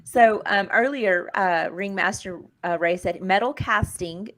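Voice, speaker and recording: A woman's voice: mid-range voice, measured pace, a bit bright. A woman co-hosting a casual chat show, chatty and supportive toward her co-host.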